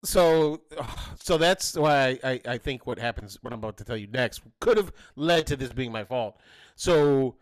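Animated man telling a family story. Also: normal speed, dry recording. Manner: animated, jumps to high voices when quoting his kids. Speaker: podcast co-host. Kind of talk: casual storytelling chat.

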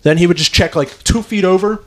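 A man in his twenties, a former Marine, telling profane, animated stories in casual chat. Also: sits high, a little fast.

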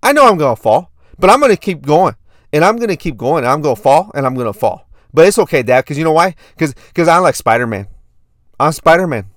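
A man's voice: a little high, fast talker, dry recording, studio quality, voice pushed up. A man doing an eager little boy. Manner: excited, repetitive kid talk.

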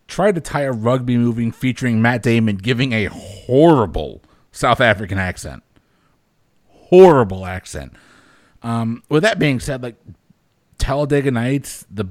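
A man's voice: medium pitch, no echo. A man hosts a casual podcast panel, wry and easygoing as he moderates. His mid-range voice sounds close and dry, with no room around it. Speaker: podcast host.

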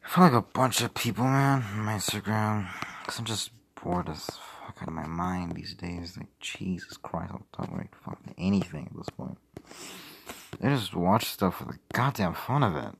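Low gravelly young man rambling. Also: lively intonation, moderate pace, slight background noise. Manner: rambling, profane, mumbling asides. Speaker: streamer. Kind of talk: casual rambling livestream chat.

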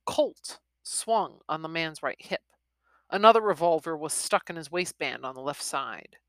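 Excitable book reviewer lady, bright lowish voice, dry close sound. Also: dry recording. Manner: chatty and excitable, with restarts and exclamations. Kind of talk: casual reading vlog, reading a western novel aloud.

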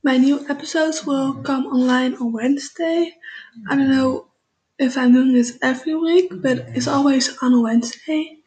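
A teenage girl from the Netherlands with a Dutch accent, a Dutch native speaker introducing herself in a casual vlog, talking slowly and hesitantly with many fillers. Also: high-pitched, fairly even intonation, a little mellow, poor audio. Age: teens. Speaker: vlogger.

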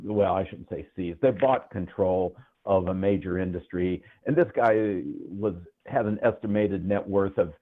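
An older man talks through a narrow, phone-like line, his voice sitting a little low. He rambles in a relaxed way with lots of ums and uhs, as a guest in a casual interview. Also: unhurried, few pauses. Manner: relaxed, rambling with many fillers. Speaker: guest economist and writer.

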